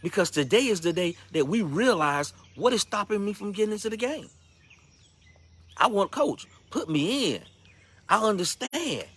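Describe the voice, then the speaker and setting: Male minister, slightly high, lively delivery; casual slang, repeated exhortations in a coach's style. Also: normal speed, slightly rough. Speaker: ministry speaker. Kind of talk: motivational devotional talk.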